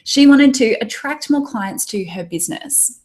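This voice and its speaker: A woman's voice: fairly high pitch, lively intonation, a little slow, a little mellow. A woman in her thirties with an Australian accent, leading a live online training for tarot readers and reading out viewers' chat comments in an upbeat, encouraging way.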